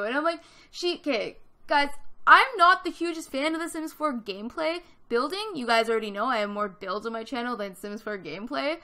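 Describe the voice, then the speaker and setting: Chatty bright-voiced woman in her twenties. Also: high voice, fairly quick. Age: 20s. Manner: chatty, animated, lots of "like", acts out quoted voices. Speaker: YouTube Sims builder. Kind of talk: casual storytelling over a speed build.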